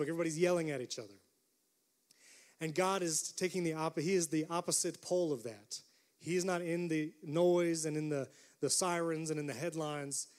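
A man preaching a sermon as a pastor, earnest and dropping to a hush on quiet passages. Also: on the high side. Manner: earnest preaching, drops to a hush for quoted whispers.

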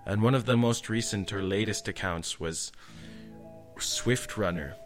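A man's voice: fairly low pitch, unhurried, faint music behind. A man telling a spooky story casually, rambling with frequent "eh" and "like". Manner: rambling, tags lines with "eh" and "like". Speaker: storyteller guest.

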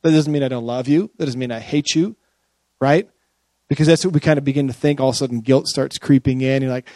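A man's voice: mid-range voice, fairly even intonation, quick pace, a little mellow, no echo. A man preaching a sermon as a pastor, chatty and often checking in with his listeners. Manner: conversational, often checks in with the audience.

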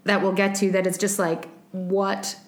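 A podcast co-host chats casually, laughing and using many fillers. Her mid-range voice has a flat delivery and a slightly fast pace, recorded with a roomy sound.

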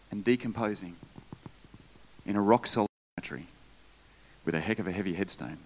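A man preaching a sermon in church, lively, with asides and jokes to the congregation. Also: sits low, brisk, long pauses. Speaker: pastor.

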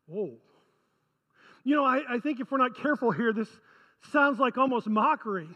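High-voiced man preaching a sermon. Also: lively intonation, normal speed, pauses often, pushed and bright, big-room sound, dull audio. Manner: conversational, rhetorical questions to the congregation. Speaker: pastor.

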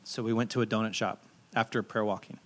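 A man in his thirties, a pastor preaching a sermon in a relaxed, conversational and self-deprecating storytelling way. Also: fairly low pitch, fast.

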